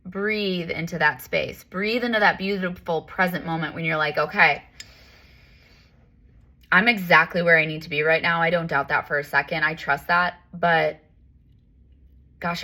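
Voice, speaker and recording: A woman's voice: low-pitched, fairly even intonation, moderate pace, bright, forceful tone. A woman talking candidly as a life coach and yoga teacher, rambling with lots of fillers. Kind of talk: casual spiritual talk.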